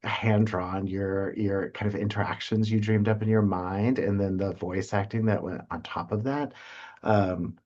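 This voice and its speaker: A man speaking on a panel in a halting, casual way with many fillers and restarts. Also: fairly low pitch, fairly even intonation, a little mellow, dull audio. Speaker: presenter.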